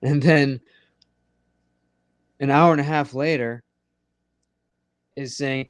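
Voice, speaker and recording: A man's voice: medium pitch, fairly even intonation, slow, long pauses, clear, resonant tone, no room sound, studio quality. A man hosting a live late-night audio chat room, rambling and swearing freely as he talks straight to his listeners. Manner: profane, rambling and conversational.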